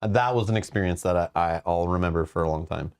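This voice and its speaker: A man's voice: low voice, fast, clear, resonant tone. A man hosting a casual livestream about board games, talking in a loose, rambling way and often restarting his sentences. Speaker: host of a board game channel.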